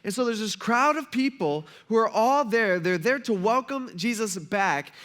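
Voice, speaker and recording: Bright high-voiced pastor telling a story. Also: male voice, expressive, normal speed. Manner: casual storytelling, acts out quoted voices. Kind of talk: sermon.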